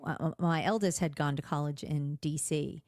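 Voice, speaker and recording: A middle-aged woman co-hosting a casual podcast, animated and expressive as she tells stories. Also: sits low, moderate pace, no room sound, studio quality. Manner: animated, expressive, laughs often. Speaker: podcast co-host. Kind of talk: casual chat.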